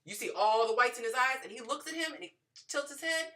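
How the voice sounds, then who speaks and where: A woman hosting a dating advice show, telling stories in an animated way and acting out the people in them. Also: fairly high pitch, fast talker, distant mic. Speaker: podcast host giving dating advice. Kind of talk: casual storytelling advice.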